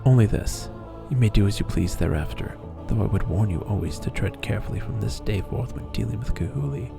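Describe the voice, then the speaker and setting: Man reading a stern temple lector, gravelly, solemn formal delivery, faint music behind. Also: on the low side, a little fast. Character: stern male temple lector, grim and demanding.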